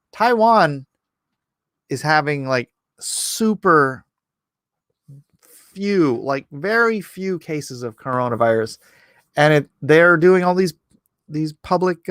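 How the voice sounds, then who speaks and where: A man talking his way through a casual livestream, rambling and sarcastic and full of mocking asides. His voice sits a little high for a man. It is recorded close and dry, with no room sound. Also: fairly bright tone, clean tone, no echo. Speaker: artist hosting a livestream. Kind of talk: casual political commentary.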